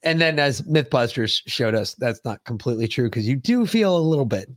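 A man hosting a podcast in loose, unscripted chat, his voice sitting at an everyday middle pitch. He rambles and swears freely as he spins his stories. The sound is close and dry. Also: animated, fairly quick, dry recording. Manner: profane, rambling storyteller. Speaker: podcast host. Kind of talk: casual chat.

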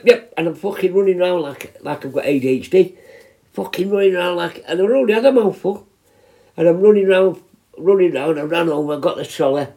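Fairly high-pitched and mellow, a fifty-something man who works in prison healthcare spins casual stories, rambling, swearing and frequently starting over.

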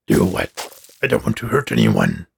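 A man voicing a slow, simple-minded living snowman with a deep, gravelly voice and halting speech. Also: expressive, slight background noise. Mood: growling.

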